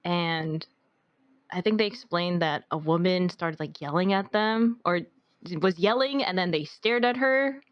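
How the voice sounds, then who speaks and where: In a lowish voice and at a slightly slow pace, a young woman co-hosting a podcast rambles through a story, leaning heavily on "like." It's casual chat, recorded lo-fi with no echo.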